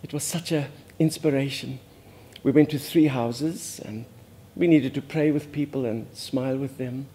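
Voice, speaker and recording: A man's voice: medium pitch, normal speed, warm tone, lightly acted. A man playing a prim, earnest older Afrikaans society lady with an Afrikaans South African accent, confiding in a monologue that drops Afrikaans words. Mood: reminiscing. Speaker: host. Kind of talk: character monologue.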